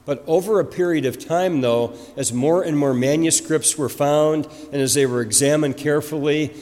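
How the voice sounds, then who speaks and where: A man's voice: on the high side, normal speed, darkish tone. Man preaching in an echoing hall. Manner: explanatory, conversational, with frequent fillers and restarts. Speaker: pastor. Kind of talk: sermon. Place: church. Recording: long reverb of a church hall.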